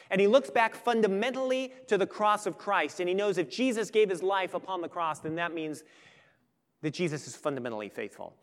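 A pastor preaching a sermon with earnest emphasis that swells and then turns quiet and intimate. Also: male voice, sits high, animated, a little fast. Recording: long hall reverb.

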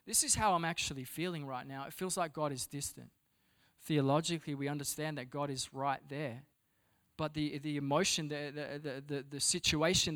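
Before a congregation in a church hall, a pastor preaches in a voice pitched a little above average. He stumbles and repeats words while searching between points, then builds to loud, emphatic readings.

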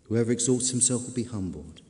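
A man preaching a sermon, emphatic, slowing down and repeating key words for stress. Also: mid-range voice, animated, mellow. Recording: long reverb of a large hall.

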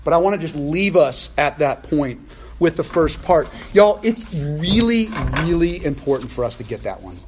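A male pastor preaching a sermon in a conversational, animated way, with playful asides, at a church service. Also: on the high side, normal speed, noisy background.

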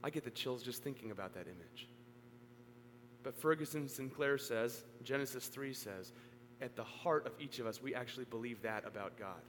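A male pastor preaching a sermon to a congregation. He speaks earnestly, rising to emphatic peaks and then dropping low. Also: moderate pace, a bit bright. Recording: long hall reverb, faint hum.

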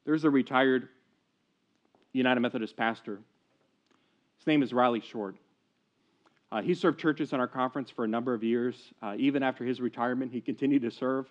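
A man's voice: mid-range voice, fairly even intonation, a little fast, pauses often. A man preaching a sermon at a church service, telling a story earnestly, in a dull lo-fi recording. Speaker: pastor. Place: church service, streamed online.

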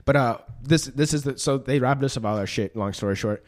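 A man's voice: medium pitch, brisk. A man in his twenties tells a story in a loose, rambling podcast chat. His speech is profane and crammed with filler words. He is a guest talking to the host. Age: 20s. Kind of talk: casual storytelling.

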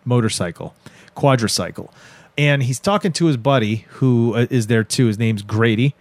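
A man's voice: mid-range voice, no room sound. A man co-hosting a podcast, casually retelling a movie plot and briefly putting on the characters' voices. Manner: animated retelling with quick quoted character voices. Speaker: podcast co-host recapping a movie. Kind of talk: casual chat.

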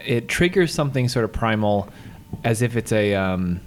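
A man co-hosting a casual podcast, teasing and playful, with a lively pitch that jumps around. He laughs easily between points. Faint ambient noise sits under the voice. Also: moderate pace. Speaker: podcast co-host. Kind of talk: casual chat.

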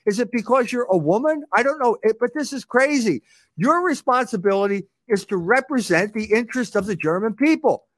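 A man's voice: high voice, fairly bright tone, no echo, clean studio sound. A man commenting on a clip in a mocking manner, laughing and repeating his words.

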